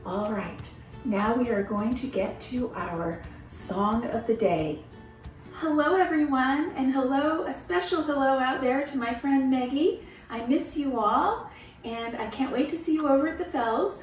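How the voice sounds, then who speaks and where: A woman at home leading a gentle, encouraging children's movement and singing lesson. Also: sits high, a little slow, distant mic, faint music behind. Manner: gentle, encouraging, sings along. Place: her home. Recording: roomy, from away from the mic.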